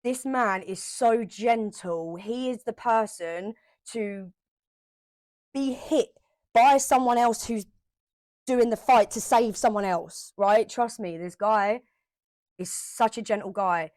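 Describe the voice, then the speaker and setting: A woman vlogger telling a personal story straight to camera, emotional and animated, repeating herself for emphasis and swearing now and then. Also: on the high side, takes it slowly, no room sound.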